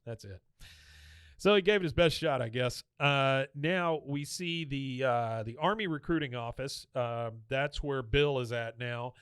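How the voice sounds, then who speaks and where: A man's voice: medium pitch, measured pace, a bit bright, clear, resonant tone, no room sound. Male podcast host, mid-range voice, rambling chatty recap, dead-dry close mic. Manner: chatty, retells scenes with filler and quoted lines. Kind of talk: casual episode recap.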